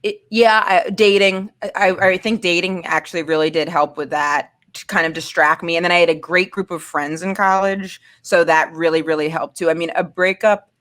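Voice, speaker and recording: A woman's voice: fairly low pitch, fairly even intonation, normal speed, hardly any pauses, a bit bright. A woman in her thirties from Maine, telling a personal story in casual chat, candid and rambling with lots of fillers and restarts. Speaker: guest.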